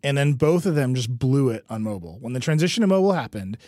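A man hosts a casual tech podcast, talking in a lively, joking way. His mid-range voice sounds close and dry, with no room around it. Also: medium pitch, fast, dry recording. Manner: animated, joking, building up mock-grand plans. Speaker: podcast host.

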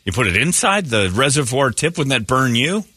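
Bright, joking male radio host. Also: medium pitch, big pitch swings, normal speed, no echo, clean studio sound. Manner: loose, joking, laughs often, rambling asides. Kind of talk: casual crude morning radio banter.

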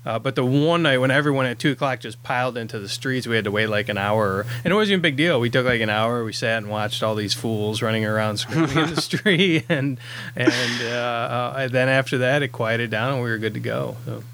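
A man's voice: medium pitch, a little fast, a bit bright, a little hiss or hum. A man who directs independent films, talking in a casual podcast chat, rambling with lots of fillers and restarts.

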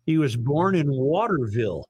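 A man's voice: mid-range voice, sing-song, normal speed, darkish tone, husky, no room sound, poor audio. A man hosting a talk radio show, reading news and this-day-in-history items in a casual, conversational way. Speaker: radio host.

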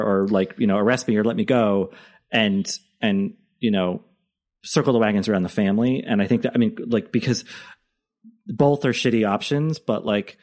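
A man co-hosting a casual podcast, talking things through in a halting way with many fillers and restarts. His voice sits somewhat low. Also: a little mellow. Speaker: podcast co-host.

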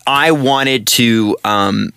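A man co-hosting a casual podcast chat, an animated storyteller who laughs often. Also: mid-range voice, drawn-out words, gravelly, clear, resonant tone, no room sound. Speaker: co-host.

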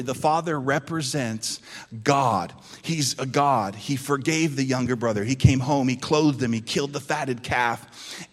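A pastor preaching a sermon in a church, swinging from loud emphasis to hushed tones. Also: male voice, medium pitch, long reverb tail.

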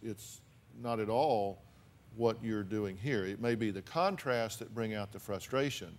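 A man's voice: lowish voice, a little slow. Earnest male talk show host. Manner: earnest, repeats words when starting.

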